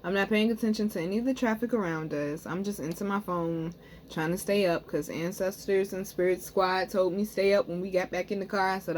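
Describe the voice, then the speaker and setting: A woman's voice: medium pitch, a little fast, slight background noise. A young woman, casually telling viewers a story and often checking in with them. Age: young adult. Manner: animated, talks to viewers as "y'all", frequent "okay?". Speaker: spiritual reader and vlogger.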